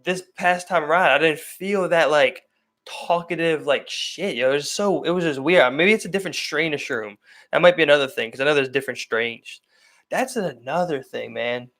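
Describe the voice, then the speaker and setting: A man with a Baltimore accent and a slightly raised pitch chats loosely on a podcast. He restarts his thoughts and runs on in quick bursts with a relaxed, unscripted feel. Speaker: podcast co-host. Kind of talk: casual chat.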